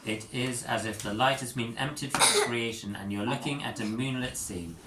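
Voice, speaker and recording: A man reading an interactive story aloud, expressive and doing character voices. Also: medium pitch, moderate pace. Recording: echoey room with faint noise.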